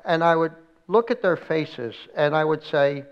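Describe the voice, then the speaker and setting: A man's voice: fairly high pitch, unhurried, smooth, muffled recording. A middle-aged male pastor preaching a sermon, telling stories with dramatic acted-out quotes. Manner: dramatic storytelling, acting out quoted prayers with rising intensity. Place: church, recorded for an online service.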